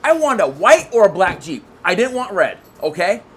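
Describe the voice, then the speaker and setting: A man who is a guest on a podcast, telling a long story in casual chat, excitable and rambling, with lots of restarts. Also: sits high, moderate pace, slightly rough.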